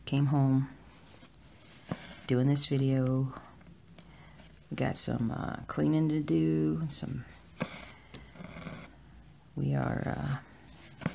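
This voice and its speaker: Cross-stitch vlogger, casual and rambling, heavy vocal fry, mid pitch, at home. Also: a little mellow, slight background noise. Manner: rambling, with filler words. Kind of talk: casual chat while stitching.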